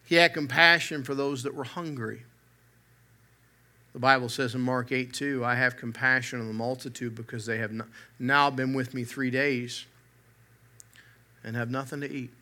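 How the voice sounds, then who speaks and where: A man's voice: medium pitch, fairly even intonation, moderate pace, pauses often, bright, forceful tone. A man preaching a sermon from the pulpit, mixing humor with earnest emphasis that swells and drops. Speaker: pastor.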